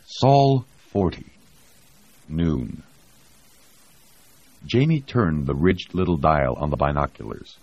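A man narrating an audiobook in a steady, even way. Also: very deep voice, slow, pauses often, slightly rough, no echo. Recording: dull lo-fi audio.

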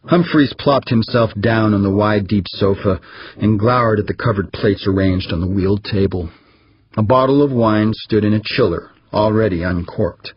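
Husky man reading a story. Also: fairly low pitch, normal speed, muffled recording. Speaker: audiobook narrator. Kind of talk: scripted narration.

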